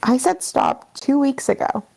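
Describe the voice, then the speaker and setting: A man's voice: extremely high pitch, lively intonation, a little slow, creaky, darkish tone, voice pushed up, heavily acted. A man putting on a voice for an annoyed young woman who answers with short, cold retorts while reading her messages aloud. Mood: dismissive.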